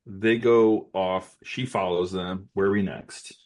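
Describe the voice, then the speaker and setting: A man's voice: low-pitched, fairly even intonation, slow, darkish tone. A man on a podcast chatting about a film, jokey, acting out lines with exaggerated voices. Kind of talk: casual film discussion.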